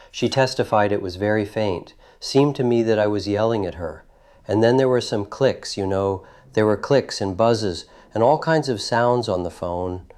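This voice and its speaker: A man in his thirties giving grand jury testimony, recounting a night in halting detail and often repeating himself. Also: on the low side, a little mellow. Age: 30s. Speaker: witness testifying. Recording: old archival audio.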